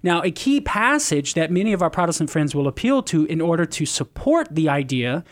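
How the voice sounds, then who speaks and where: A man's voice: on the high side, sing-song, brisk. A man on a call-in radio show, explaining church teaching in an earnest, teacherly way. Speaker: Catholic apologist radio guest.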